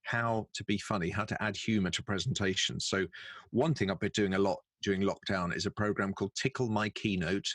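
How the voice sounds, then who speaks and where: A man's voice: lowish voice, steady tone, a bit bright, dry recording. A middle-aged man from England, a guest telling wry stories in a casual interview over a video call. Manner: jokey storyteller, quick wry asides. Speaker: guest, professional speaker and announcer.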